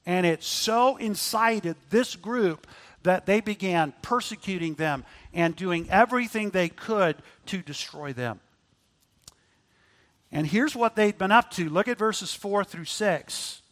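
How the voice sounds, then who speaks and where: A man preaching a sermon, moving between loud emphatic lines and quiet asides. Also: high voice, animated, slow pace.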